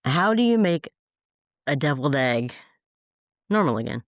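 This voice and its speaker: A woman's voice: low voice, very animated, normal speed, dry recording. A woman co-hosting a podcast, chatting casually and telling jokes with a dry delivery. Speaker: podcast co-host.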